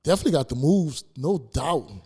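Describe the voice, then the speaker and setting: Mellow, easygoing New host. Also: male voice, on the high side, expressive, breathy edge. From New Orleans. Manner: easygoing, encouraging, quick back-channel replies. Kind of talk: casual interview chat.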